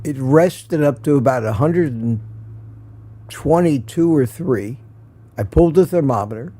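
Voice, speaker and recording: A man's voice: mid-range voice, lively intonation, measured pace, warm tone. A man hosting a casual live morning stream, telling rambling stories, chuckling often and answering viewer comments.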